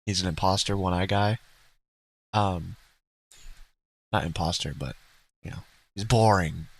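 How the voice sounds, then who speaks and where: A man's voice: low voice, measured pace, dry recording, rough recording. A man co-hosting a livestream in casual, rambling chat, blunt and profane, laughing now and then. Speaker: streamer co-host.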